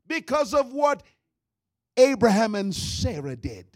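A man preaching a sermon, retelling a story with lively shouts, character voices and soft asides. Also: high-pitched, moderate pace, long pauses, husky. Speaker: pastor.

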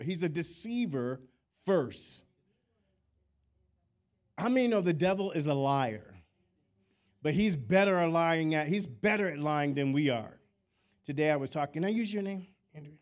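A man preaching a sermon, calling out for amens and telling chatty stories between his points. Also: on the high side. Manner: animated preaching with call-and-response; conversational storytelling asides. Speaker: pastor.

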